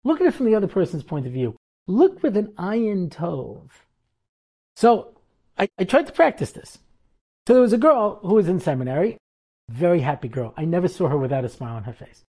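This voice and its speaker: A middle-aged man, a rabbi, delivers a storytelling lecture in a soft, husky voice. His pitch swings widely as he acts out the people in his stories. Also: big pitch swings, quick pace. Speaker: rabbi and seminary teacher.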